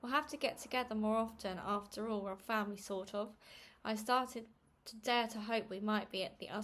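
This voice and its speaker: A woman reading a children's novel aloud at home, in a steady, plain manner with small stumbles. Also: mid-range voice. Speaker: reader. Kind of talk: read-aloud storybook narration.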